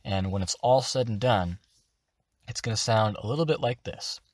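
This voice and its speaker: A man hosting a tutorial, explaining how to do voices for a tabletop game in a slow, deliberate way. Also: fairly low pitch, no room sound, clean studio sound. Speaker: channel host teaching voice acting. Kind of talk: tutorial instruction.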